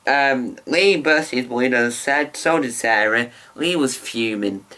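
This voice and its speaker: Guy rambling thru a review vlog, bright voice, lots of ums, camera mic. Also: mid-range voice, measured pace. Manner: rambling, chatty, many restarts and ums. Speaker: vlogger reviewing a TV show.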